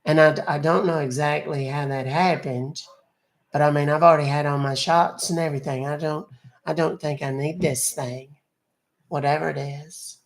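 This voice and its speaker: In a prank call role-play, a male scambaiter voices a fussy older lady, sassy and condescending as she calls the caller "honey." His voice is pushed up to sound a little high, with vocal fry, fairly even intonation, and normal speed.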